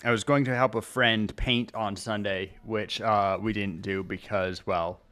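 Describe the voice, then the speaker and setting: A male streamer chatting casually, rambling along with pauses and restarts as he talks into his desk mic. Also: fairly low pitch, steady tone, a bit bright, clear, resonant tone. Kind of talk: casual livestream chat. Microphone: desk mic at streaming setup.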